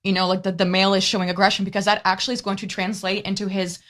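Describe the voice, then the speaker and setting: A woman's voice: medium pitch, flat delivery, rapid-fire, fairly bright tone. A woman interviewing a guest, speaking earnestly and passionately in long run-on sentences.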